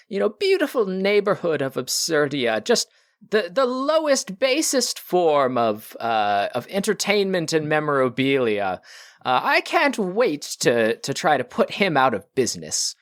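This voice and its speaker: A man's voice: a little high, a bit bright, voice pushed up. A man putting on a sneering snobbish antique dealer. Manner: sneering, drawn-out disdain. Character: snobbish male antique dealer, haughty rival.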